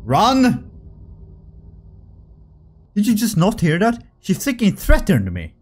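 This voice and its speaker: High, lively-voiced young man gaming. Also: normal speed. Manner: excitable, jokey, swears freely. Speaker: gaming video creator. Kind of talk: casual horror game commentary. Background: faint game music.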